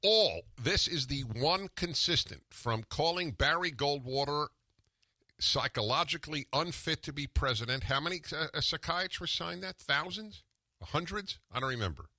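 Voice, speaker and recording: A man's voice: a little high, lively intonation, normal speed, sharp tone, no echo, studio quality. An older man hosting a talk radio show, arguing with a caller and then delivering emphatic, combative commentary.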